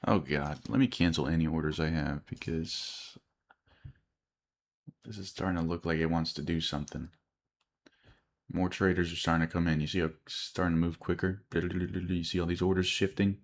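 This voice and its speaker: A man's voice: deep voice, fairly even intonation, normal speed. A tired man chewing gum as he talks, muttering and thinking aloud while he trades live on a stream. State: tired, yawning. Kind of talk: casual live-stream commentary.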